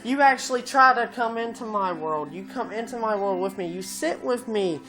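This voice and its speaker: A man vlogger telling a rambling, profane story in casual chat, filling it with "you know" and getting loud at times. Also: high voice, expressive, normal speed, rough recording.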